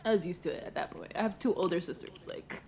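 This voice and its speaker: Profane, animated young woman storyteller. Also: on the low side, fast, a little hiss or hum. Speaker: podcast co-host. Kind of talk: casual chat.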